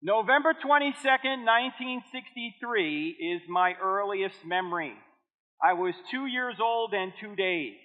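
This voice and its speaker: A man's voice: high voice, a little slow. A man in his fifties giving a church seminar talk, telling stories with jokes and acting out dialogue. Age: 50s. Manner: animated storytelling with jokes and acted dialogue. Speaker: Christian apologetics speaker. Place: church hall with audience. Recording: echoey hall on a tinny phone-like line.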